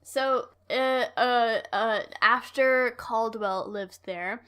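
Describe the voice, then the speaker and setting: A woman's voice: on the high side, extremely slow, sharp tone, clean tone. A woman co-hosting a podcast, telling a story in casual chat, rambling with lots of fillers and laughing often.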